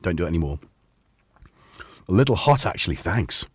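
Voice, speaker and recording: A man's voice: low-pitched, big pitch swings, a little fast, breathy edge, dry recording. A man hosting a casual livestream chat from a home studio, playful and joking with the viewers. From Scotland. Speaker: livestream host. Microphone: studio dynamic mic.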